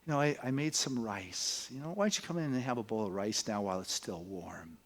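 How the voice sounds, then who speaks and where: A loving mother speaks very softly and tenderly, her voice low and hushed, as a male preacher puts her on. She sounds calm and welcoming. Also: fairly quick. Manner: very soft, tender.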